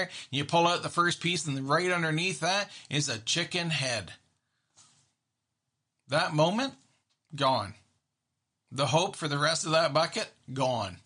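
A man's voice: medium pitch, pushed and bright. A man, a therapist, talking casually about everyday moments and acting out his own reactions, with many restarts. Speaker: therapist and podcast host. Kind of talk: casual monologue.

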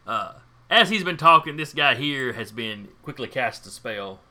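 Animated, bright-voiced game master. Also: male voice, medium pitch, measured pace. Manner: chatty, relaxed, narrates with fillers. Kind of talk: narrating a tabletop game.

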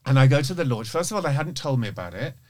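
A man's voice: medium pitch, sing-song, very fast. An English man, a guest on a casual interview podcast, telling frank, rambling stories that are full of restarts and self-interruptions. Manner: frank, swears freely.

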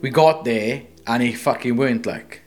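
A man's voice: medium pitch, normal speed, faint music behind. Sweary man chatting loosely. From Wales. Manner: sweary, rambling, animated storytelling. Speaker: co-host, tattoo artist. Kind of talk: casual chat.

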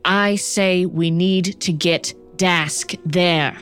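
A woman's voice: on the low side, fairly even intonation, very slow, a bit bright, soft background music. A woman voicing an angry female commander who speaks with heat and urgency. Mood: urgent.

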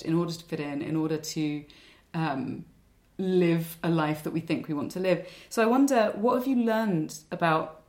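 A woman hosting an interview podcast, speaking in a measured, thoughtful way and building up long reflective questions. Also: fairly low pitch. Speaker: podcast host.

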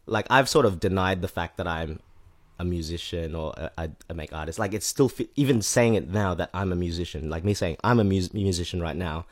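Low-voiced rambling man. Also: a little fast. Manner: rambling, self-correcting, with lots of fillers. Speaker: podcast guest, rapper. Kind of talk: casual chat.

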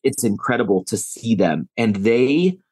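A middle-aged man, a guest on a podcast, talking earnestly and telling stories with lively quoted dialogue. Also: on the low side, a little slow. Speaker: podcast guest, author and speaker. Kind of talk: conversational interview.

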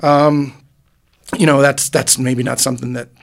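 Gravelly middle-aged musician, rambling. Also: male voice, medium pitch, level tone, normal speed. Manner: rambling and heartfelt, many restarts. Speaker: musician guest. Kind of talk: casual interview conversation. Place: podcast booth.

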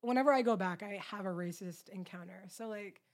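Young woman, Long Island native, podcast guest; chatty, filler-heavy, loose conversational delivery. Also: mid-range voice. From Long Island, New York. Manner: chatty, full of "like" fillers and quick laughs. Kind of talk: casual interview chat.

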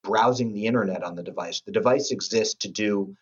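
A middle-aged man talking as a podcast guest, eager and halting, often restarting his sentences. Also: lowish voice, husky, highs cut off. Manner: enthusiastic, halting, with many restarts. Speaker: guest, company executive. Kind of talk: casual podcast interview.

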